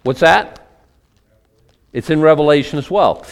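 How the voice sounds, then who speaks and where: A man's voice: on the high side, measured pace. A man giving a conversational Bible-teaching sermon as pastor, asking his listeners questions and adding chatty asides between scripture readings. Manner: asks the congregation questions, chatty asides, reads from old scripture.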